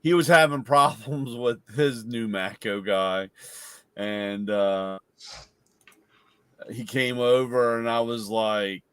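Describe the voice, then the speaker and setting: A man telling a relaxed, rambling story in casual chat. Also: mid-range voice, takes it slowly, smooth, dry recording.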